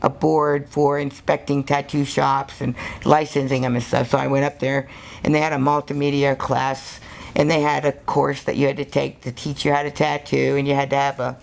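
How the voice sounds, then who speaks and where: An older American woman, a tattoo artist, telling stories in an interview, animated and laughing as she acts out what people said. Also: very deep voice, normal speed, vocal fry. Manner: animated, laughing storyteller who acts out quotes. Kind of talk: storytelling interview.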